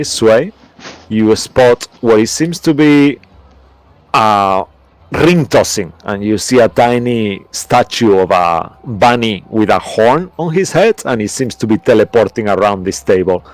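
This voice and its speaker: Rambling low-voiced game master man. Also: a little slow. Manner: rambling, searches for words, many fillers. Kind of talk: narrating a tabletop game.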